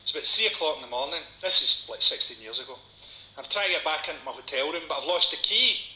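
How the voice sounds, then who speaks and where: A Scottish man in his forties doing a stand-up comedy set, with a dry, sardonic delivery and dark punchlines. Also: on the high side, lively intonation, quick pace. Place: comedy venue before a live audience. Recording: echoey venue with audience noise.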